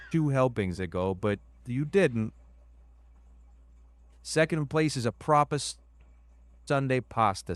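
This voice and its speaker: A synthetic male assistant voice with a New York Italian-American accent, speaking in a slow, savoring, descriptive way. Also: medium pitch, clear, resonant tone, no echo. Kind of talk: conversational AI voice.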